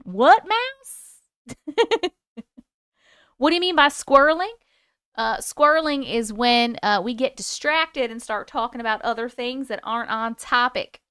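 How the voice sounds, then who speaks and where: A woman's voice: fairly high pitch, bright, forceful tone, smooth, no echo, studio quality. A woman in her forties hosting a livestream, chatting with viewers and reading their stories aloud in a bubbly, casual way. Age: 40s.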